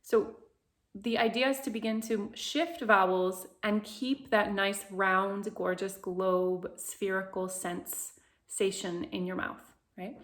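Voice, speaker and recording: Slow, soothing woman voice coach. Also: medium pitch, fairly even intonation, fairly bright tone, faint music behind. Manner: slow, soothing, guiding instructions with sung vowel demonstrations. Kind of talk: guided vocal exercise lesson.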